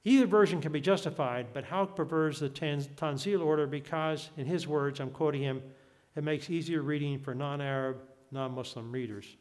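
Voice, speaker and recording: Older man giving an academic lecture. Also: fairly high pitch. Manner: measured, reads passages aloud, frequent restarts. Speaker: guest lecturer.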